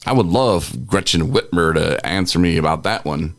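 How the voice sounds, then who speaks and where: A man's voice: sits low, normal speed, hardly any pauses, no echo, studio quality. A man co-hosting a podcast, ranting in a worked-up, exasperated way. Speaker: podcast co-host. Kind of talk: casual ranting chat.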